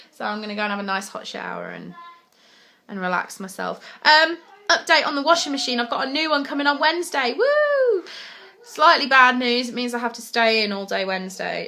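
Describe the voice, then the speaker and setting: A young woman with a bright, clear voice talks straight to her camera in a casual vlog. She is blunt and swears freely, retelling conversations in quick bursts. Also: medium pitch. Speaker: vlogger.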